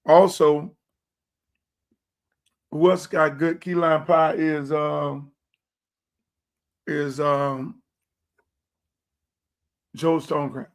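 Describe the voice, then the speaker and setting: Laid back guy hosting a stream, slightly high voice, talks slow w/ his mouth full, just rambling. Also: flat delivery. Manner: rambling and chatty, talking while eating. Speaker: show host. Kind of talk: casual livestream chat.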